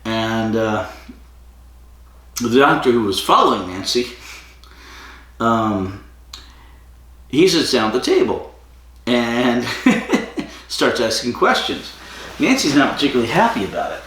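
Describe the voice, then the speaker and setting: A man's voice: medium pitch, big pitch swings, takes it slowly, long pauses, fairly bright tone. Man recapping in a very echoey room. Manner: digressive, self-correcting storyteller. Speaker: podcast host. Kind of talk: casual episode recap. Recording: very echoey room, far from mic.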